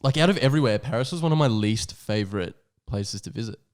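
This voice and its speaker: Fast-talking and expressive, this medium-pitched young man co-hosts a podcast. In casual conversation he rambles through a travel story, saying "like" constantly and cursing along the way.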